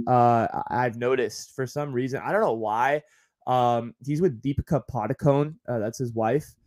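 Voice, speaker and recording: A man's voice: medium pitch, darkish tone. A man hosting a podcast in a casual, rambling monologue full of fillers and asides. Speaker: podcast host.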